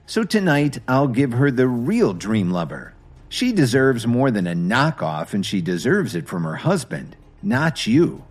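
A calm, quietly confident husband speaking in measured phrases, as a male narrator voices him. His voice is husky, with a lively pitch. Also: soft background music.

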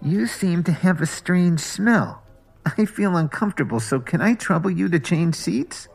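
A man's voice: sits high, expressive, measured pace, creaky, husky, voice pushed up, full character voice. A man voicing a cold, dismissive young woman who speaks in a muffled, disdainful way.

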